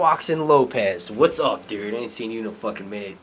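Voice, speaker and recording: A man hosting a casual live stream, animated and swearing a lot as he reads out chat comments. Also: on the low side, a little fast, slight background noise. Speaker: youtube live stream host.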